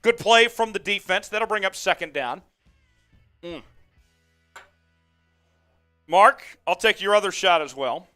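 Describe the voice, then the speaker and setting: A man's voice: sits high, expressive, unhurried, long pauses, pushed and bright, faint music behind. A man hosting a live sports watch-along stream, fired up, calling the plays and reading out viewer comments. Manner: amped, hyped, calls plays and reads chat. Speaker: host.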